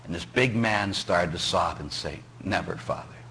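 A middle-aged man from Pittsburgh, a parish priest preaching a sermon, animated and joking as he quizzes his congregation. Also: deep voice, moderate pace, slight background noise. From Pittsburgh, USA.

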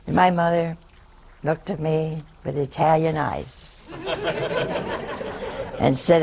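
A woman's voice: low-pitched, takes it slowly, gravelly, long pauses, crowd noise, poor audio. An older woman, a nun, telling a funny personal story to an audience in a folksy, self-mocking way. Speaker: nun, head of a religious community.

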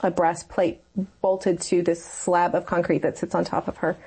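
Breathy woman telling a personal story. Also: on the low side, little pitch movement, moderate pace, warm tone. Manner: earnest, rambling storytelling with many fillers. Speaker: interview guest. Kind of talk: personal faith testimony in conversation.

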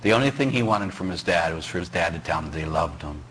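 A priest from Pittsburgh giving a sermon, joking and asking the congregation rhetorical questions. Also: male voice, low voice, fast, slight background noise. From Pittsburgh, USA. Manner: animated, jokey preaching with rhetorical questions to the congregation. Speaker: parish priest.

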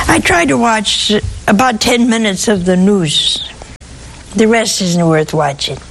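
A woman's voice: mid-range voice, a bit bright, a little hiss or hum, poor audio. A woman giving a sermon, telling stories with humor and asking her listeners rhetorical questions. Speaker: preacher.

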